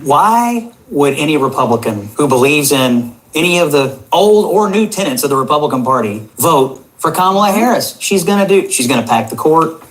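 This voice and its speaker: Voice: medium pitch, big pitch swings, normal speed, rough recording. A panelist on a TV political discussion, firing off incredulous rhetorical questions.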